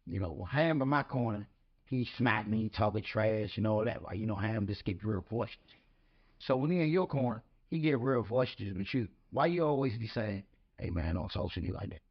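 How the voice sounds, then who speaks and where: A man telling animated anecdotes in casual talk. He acts out the quoted lines and laughs as he goes. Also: lowish voice, moderate pace. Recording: slightly dull lo-fi podcast audio.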